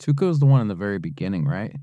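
Brief: male co-host, deep mellow voice, laid-back and profane, banter tone. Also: sing-song, very fast, dry recording, muffled recording. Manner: laid-back, swears freely. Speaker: podcast co-host answering trivia. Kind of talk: casual banter.

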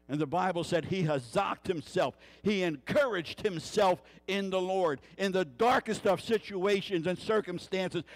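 Guest pastor, male, fairly high voice, storytelling sermon with rhetorical questions. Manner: storytelling, acting out quoted voices.

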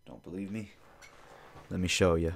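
Deep-voiced, crude, rambling male podcaster. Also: fairly even intonation, moderate pace, creaky. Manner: crude, rambling, swears freely, jokey storytelling. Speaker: podcast host. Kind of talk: rambling solo comedy podcast.

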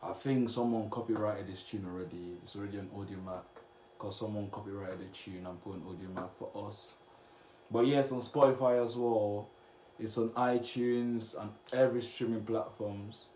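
A young man from Cameroon, chatting casually as he reacts to comments on his vlog, blunt and slangy with sudden loud outbursts. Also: lowish voice, steady tone, normal speed. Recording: echoey room with faint noise.

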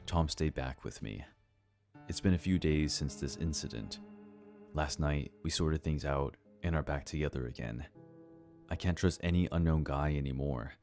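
Very deep-voiced man narrating a horror story. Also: normal speed, darkish tone. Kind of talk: scripted first-person horror narration. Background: faint background music.

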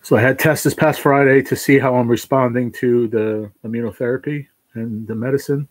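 A man talking to his livestream viewers, halting and emotional, choked up with tears of joy. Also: medium pitch, fairly even intonation, no room sound, poor audio. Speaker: livestream host.

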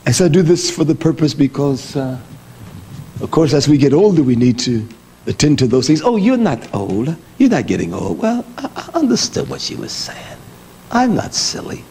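A husky-voiced middle-aged man preaches with blunt force. His pitch jumps high and drops low all through, and his voice sits a little above most men's. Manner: lively, blunt preaching with swings from high exclamations to low mutters. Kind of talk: sermon.

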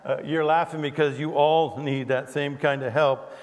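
Older male pastor, fairly high voice, lively sermon with jokes, long hall reverb. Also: normal speed. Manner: animated preaching with humorous asides. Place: church sanctuary.

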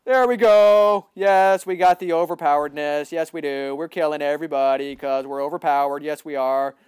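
A man giving excitable live gameplay commentary, boasting, repeating himself and bursting into loud yelling. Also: on the high side, fairly quick, clean tone, dry recording, studio quality. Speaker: gaming livestreamer.

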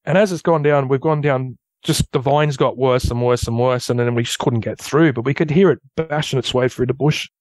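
A man with an Australian accent, a guest telling a long story in a rambling, casual way that turns animated at the tense parts. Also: mid-range voice, fairly quick, hardly any pauses, no room sound. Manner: rambling, loose storyteller who grows animated at tense moments. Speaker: guest recounting an encounter.

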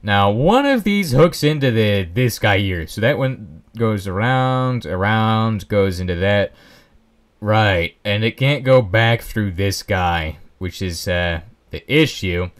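With a fairly low pitch, lively intonation and a slow pace, this young Let's Play host rambles through commentary on his own gameplay. He keeps joking at his own expense with self-mocking asides.

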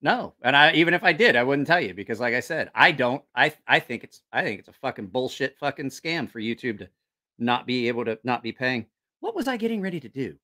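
Lively, rambling man streaming live. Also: mid-range voice, a little fast. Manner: rambling, profane, loses his train of thought. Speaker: knife channel livestream host. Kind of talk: casual livestream chat.

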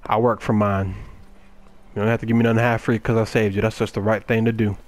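A man's voice: lowish voice, level tone, fast talker. Folksy man doing game commentary. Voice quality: folksy, joking, talks back to game characters. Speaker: gameplay commentator. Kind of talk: casual let's-play commentary.

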